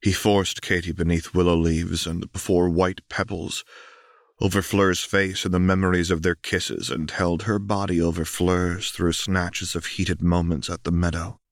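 A man narrating an audiobook in a calm, measured way. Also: sits low, no echo, studio quality.

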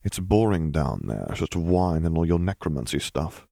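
A man's voice: a bass voice, very animated, normal speed, gravelly, warm tone, no room sound, clean studio sound, exaggerated voice. A man voicing a young wizard husband who jokes with wry understatement and apologizes sheepishly, read as an audiobook character.

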